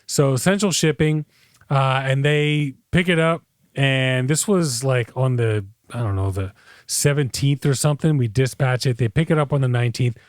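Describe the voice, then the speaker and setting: A man's voice: mid-range voice, clear, resonant tone, dry recording, clean studio sound. A man co-hosting a casual podcast, telling a long complaint story, acting out the people he quotes and swearing often. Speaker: podcast co-host. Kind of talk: casual chat. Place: South Florida.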